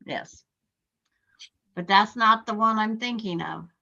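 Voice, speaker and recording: Chatting casually on a muffled video call, a quilter from an online group rambles along, mentioning a list of sources as she goes. She speaks slowly in a medium-pitched voice that is pushed and bright, with some vocal fry.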